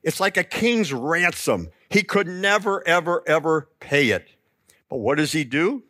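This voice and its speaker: A man preaching a sermon, telling the story with lively emphasis and acting out the quoted lines. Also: fairly high pitch, measured pace, dry recording, studio quality. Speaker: pastor.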